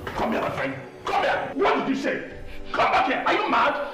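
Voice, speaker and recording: An actor with a Nigerian accent playing a domineering, abusive husband who shouts threats. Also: male voice, extremely high pitch, huge pitch swings, normal speed, full character voice. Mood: raging. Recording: echoey room, mic far off, loud film music.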